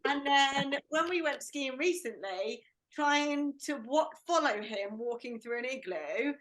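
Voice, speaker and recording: A woman's voice: high-pitched, lively intonation, unhurried, fairly bright tone. A woman guest in a casual group chat, teasing her partner and giggling as she tells stories.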